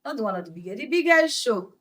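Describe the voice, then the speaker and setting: A young Nigerian woman with a Nigerian accent, a guest on a podcast, telling her story in a lively way, slipping into Pidgin phrases and laughing. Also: fairly high pitch, fast talker. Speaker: guest actress. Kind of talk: podcast interview.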